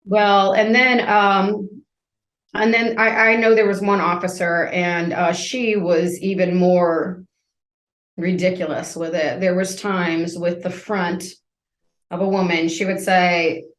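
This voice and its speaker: A woman in her fifties tells her story as a podcast guest. She is a lively storyteller who acts out each scene, heard in a roomy, echoing space. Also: on the low side, takes it slowly.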